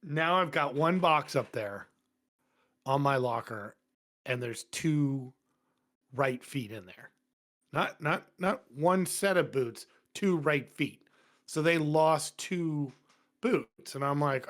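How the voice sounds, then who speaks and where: A man's voice: medium pitch, a little slow. A man, a firefighter, telling long stories in blunt casual talk full of swearing, voicing the people in them. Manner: profane, blunt and animated. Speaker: podcast guest, firefighter. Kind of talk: casual storytelling. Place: podcast studio.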